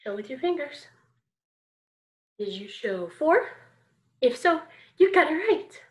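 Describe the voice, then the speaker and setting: A woman's voice: high-pitched, big pitch swings, takes it slowly. A woman teaching an online kindergarten music lesson, encouraging and singsong as she chants rhythms.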